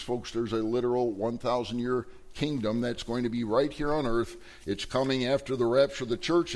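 Man preaching a lively Bible sermon. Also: medium pitch. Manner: animated storytelling, acts out voices in quotes. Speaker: pastor.

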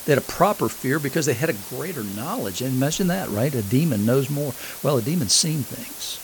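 A man's voice: mid-range voice, expressive, fairly quick, slight background noise, rough recording. A man preaching a sermon. He reads scripture aloud, explains it, and puts questions to his listeners. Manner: asks the congregation questions.

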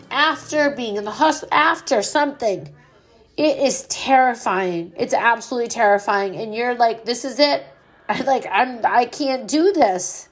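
A middle-aged woman hosting her own podcast, speaking candidly and earnestly about grief, swearing freely. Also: a little high. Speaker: podcast host. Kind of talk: personal grief podcast monologue.

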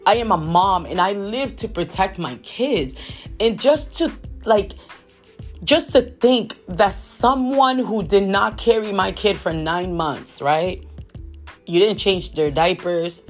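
A woman's voice: mid-range voice, slow, soft background music. A woman in her forties hosting a faith podcast, talking earnestly and repeating phrases for emphasis. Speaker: podcast host.

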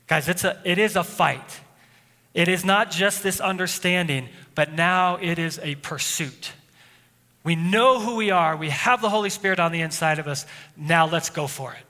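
A pastor preaching a sermon, telling a personal story in a loose conversational way with frequent restarts. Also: male voice, on the high side, normal speed, pushed and bright. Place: church sanctuary. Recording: long hall reverb, faint music.

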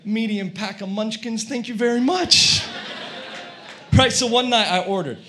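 A male pastor preaching a sermon, telling a comic story in an animated way and acting out his own shouting. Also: high voice, a little slow, slight background noise. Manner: animated, acts out quoted shouting.

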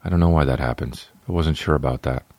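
A man's voice: extremely low pitch, fast talker, darkish tone, no echo. A man hosting a podcast, talking in a profane, sarcastic, rambling comedic monologue. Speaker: podcast host.

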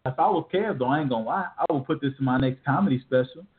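A man in his thirties co-hosting a podcast, telling stories in animated, slangy casual chat. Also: medium pitch, fast. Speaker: podcast co-host. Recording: tinny phone-like audio.

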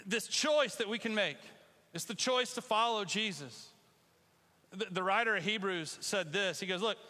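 A man preaching a casual, conversational sermon in a church, animated and bursting into loud calls to the congregation. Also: high-pitched, in a large hall. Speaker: pastor. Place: church sanctuary.

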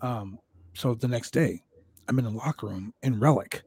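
A man hosting a podcast, swearing freely as he spins his stories in a loose, casual way. His voice sits at an ordinary middle pitch. The room adds almost no echo, so he sounds close and dry. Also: normal speed, husky. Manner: profane, animated storyteller. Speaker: podcast host. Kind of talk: casual interview chat.

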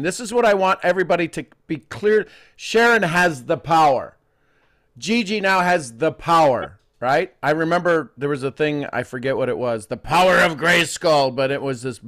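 A middle-aged man leading a live coaching session, playful and quick to laugh, often wandering off topic. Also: fairly high pitch, lively intonation, fairly bright tone.

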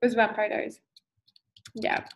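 A woman's voice: normal speed, rough recording. A woman, co-hosting a podcast in a casual, upbeat way with many fillers and laughs. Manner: upbeat, filler-heavy, laughs between phrases. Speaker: podcast co-host. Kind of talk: casual chat.

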